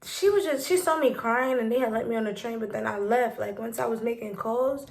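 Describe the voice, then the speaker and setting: Young New woman vlogger, higher voice, rambling animated storytime delivery. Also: brisk, creaky. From New York City. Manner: animated, rambling retelling with quoted dialogue. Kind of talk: casual storytime.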